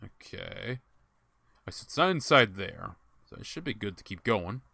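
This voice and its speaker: Chatty man streaming a game, bright voice. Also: on the low side, sing-song, moderate pace, vocal fry, no room sound. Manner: chatty, thinks aloud, laughs at himself. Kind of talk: casual gameplay commentary.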